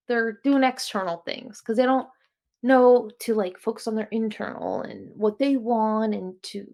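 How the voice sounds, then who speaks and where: Chatty New Jersey woman with vocal fry. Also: fairly high pitch, a little mellow. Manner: rambling, chatty, self-correcting. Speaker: podcast host. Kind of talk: casual self-help talk.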